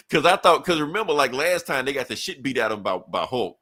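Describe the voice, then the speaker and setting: A man co-hosting a podcast, recapping a comic book in a casual, profane, animated way. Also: mid-range voice, brisk. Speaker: podcast co-host.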